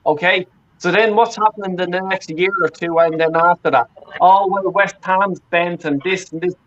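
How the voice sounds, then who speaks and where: A man's voice: sits high, fairly even intonation, normal speed, dull audio. A man on a fan panel, ranting in heated, profane talk and often repeating himself.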